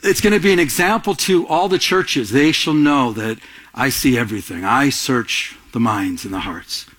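A middle-aged man preaching a sermon to a congregation, animated and storytelling, calling out to them for responses. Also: fairly high pitch. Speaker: pastor. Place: church before a congregation.

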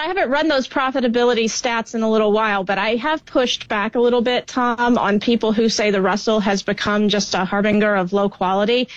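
A woman strategist speaks in a measured, careful way, weighing each point conversationally. Her remote audio is dry and a little dull. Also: medium pitch, no room sound. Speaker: market strategist guest. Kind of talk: interview commentary.

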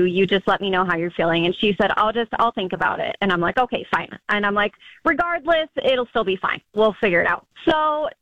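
A woman calling in to a radio show, telling a wild story in an animated way and laughing often. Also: mid-range voice, no echo, highs cut off. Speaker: caller.

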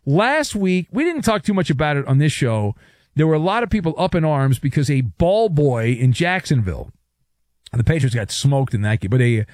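A middle-aged man hosts sports talk radio in a sarcastic, jokey tone, and his pitch swings widely as he riffs. His voice sits a bit high for a man and sounds dry and close, with little room sound. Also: no echo. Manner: sarcastic, animated, jokey asides.

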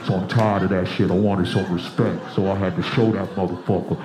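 A man's voice: sits low, steady tone, a little fast, pitched below the performer's own voice, natural voice. A man voicing a surly, tough male stingray who talks like a streetwise gangster, swaggering and profane, in a stand-up act-out. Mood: aggrieved, boastful. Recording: echoey room, clear background noise.

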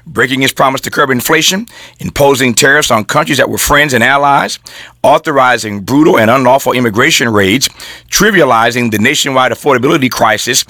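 A man's voice: mid-range voice, a little fast, pushed and bright, no room sound, studio quality. A middle-aged man hosting a political talk show, reading quotes aloud with emphasis and adding folksy asides.

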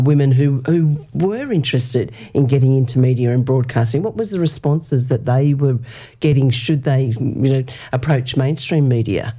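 Deep, mellow woman interviewer. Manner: measured, leading questions with brief agreement. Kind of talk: interview questions.

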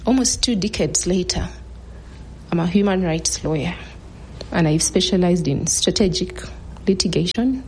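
A woman in her thirties telling a personal story in an earnest, measured way, now and then dropping to a hush. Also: lowish voice, a little hiss or hum.

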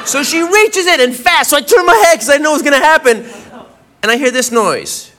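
A man telling a rambling, animated stand-up story, often laughing between lines. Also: very high-pitched, fairly quick. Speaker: stand-up comedian. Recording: live club recording with loud crowd. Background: loud audience laughter and room noise.

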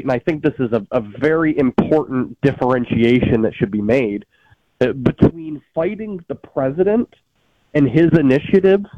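A political commentator with a mid-range voice argues politics as a guest on a talk show, speaking emphatically with frequent filler sounds and restarts. The recording is lo-fi, with no room sound.

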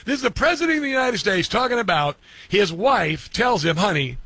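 A man's voice: high voice, expressive, brisk, bright, forceful tone, slightly rough, dry recording. A middle-aged man hosting a talk radio show, rambling casually with many fillers and restarts. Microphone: studio mic.

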